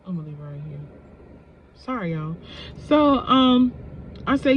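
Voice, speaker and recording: A woman chats straight to camera outdoors, retelling a story with lively asides to her viewers. Her talk is blunt and salty. The sound is dull and lo-fi, with faint noise behind her. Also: fairly high pitch, moderate pace, long pauses. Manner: chatty, animated retelling with frequent asides to viewers. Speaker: vlogger. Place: outdoors in sunlight.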